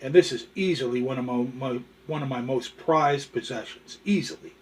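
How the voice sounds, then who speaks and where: A man's voice: mid-range voice, moderate pace. A male show host telling corny jokes and showing collectibles in a folksy, chatty way. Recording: distant from the mic.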